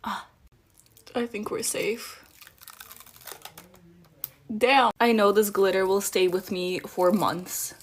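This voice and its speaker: A woman's voice: mid-range voice, fairly even intonation, slow, long pauses, slight background noise. A young woman chatting playfully and casually to viewers as she talks through her own makeup. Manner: playful, chatty, self-mocking. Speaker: makeup creator. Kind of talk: casual vlog narration.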